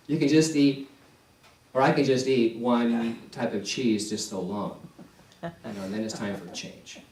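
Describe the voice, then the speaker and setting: A male minister preaching a sermon in a slow, deliberate way, repeating key phrases for emphasis. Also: medium pitch, steady tone, darkish tone, slight background noise. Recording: echoey church hall, distant mic.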